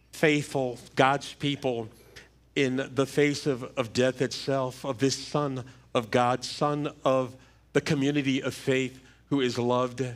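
Middle-aged male pastor, funeral sermon, mid-pitched voice, slow halting repeats, church mic. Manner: measured, halting delivery with repeated words. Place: church sanctuary. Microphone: livestream church microphone.

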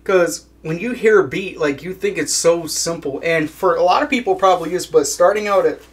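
A man's voice: sits high, a little fast. A young man chatting casually in an interview, laid-back, swearing a lot and laughing at his own jokes. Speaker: guest musician.

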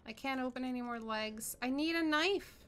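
A woman's voice: high voice, normal speed, fairly bright tone. A young woman doing horror game commentary, scared and swearing as she talks herself through it. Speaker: gaming streamer.

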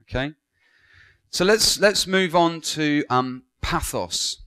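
A man's voice: fairly high pitch, takes it slowly, bright, forceful tone, clear, resonant tone. A man giving a Bible school classroom lecture, engaging, asking students questions and praising their answers.

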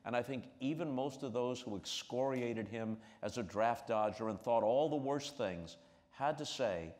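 A man interviewing a guest on stage, in a measured way with long framing questions. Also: medium pitch, a little mellow. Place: stage before a live audience. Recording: reverberant hall.

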